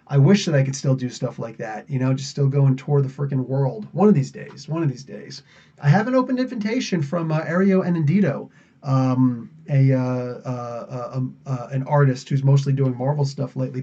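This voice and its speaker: Somewhat high but dark in tone, this American man hosts a podcast, rambling through a casual live Q&A and laughing a lot. The recording sounds dull and lo-fi.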